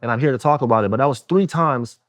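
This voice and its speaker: A man's voice: medium pitch, fast talker, dry recording, studio quality. A man hosting a casual conversation, telling a personal story with lots of fillers and acting out other people's voices. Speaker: host.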